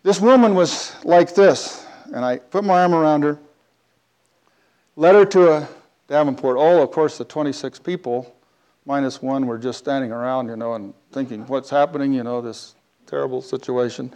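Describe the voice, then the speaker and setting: A man telling a personal story in a talk, animated, with big swings between loud and quiet. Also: mid-range voice, normal speed.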